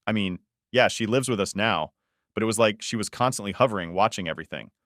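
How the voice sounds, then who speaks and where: A man's voice: lowish voice, quick pace, a bit bright, no room sound, studio quality. A man narrating a scripted first-person story in a casual, conversational way.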